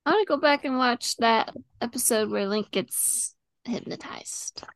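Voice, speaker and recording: A woman with a high voice co-hosting a casual podcast, giving short, relaxed replies and guessing aloud. The sound is close and dry. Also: a little slow, no room sound. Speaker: podcast co-host. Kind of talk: casual game chat.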